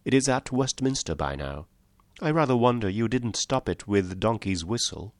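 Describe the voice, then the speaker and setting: A man's voice: on the low side, lively intonation, normal speed, no echo, close to an everyday voice. A man voicing a small, mild country priest in an audiobook, speaking simply and apologetically. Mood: calmly firm.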